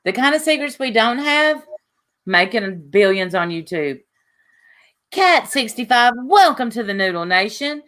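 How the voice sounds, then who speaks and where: A woman's voice: on the high side, measured pace. A woman hosting a livestream in casual, rambling chat with lots of asides. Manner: chatty, rambling, lively asides. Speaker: livestream host.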